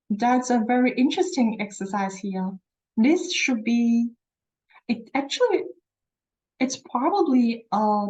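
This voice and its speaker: A woman teaching a beginner Chinese lesson, repeating words slowly and encouraging her learners. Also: medium pitch, a little mellow, poor audio. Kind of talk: slow, patient language lesson.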